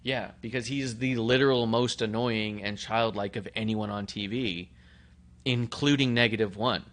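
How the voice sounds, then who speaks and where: A man's voice: on the low side, normal speed. A man co-hosting a wrestling podcast, talking casually with crude jokes and blunt opinions. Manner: profane, joking, animated. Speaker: podcast co-host.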